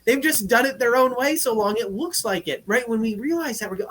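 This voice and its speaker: A man who is a guest on a talk show, speaking earnestly and casually, often ending points with "right?" and getting louder and higher when he is excited. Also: fairly quick. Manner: earnest, says "right?" again and again; gets loud and high when excited. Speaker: podcast guest, life coach.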